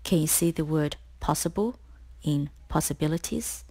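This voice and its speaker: A woman tutor reading a scripted spelling lesson, explaining each word slowly and clearly. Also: deep voice, dark tone. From Australia. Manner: slow, clear, deliberate explanations.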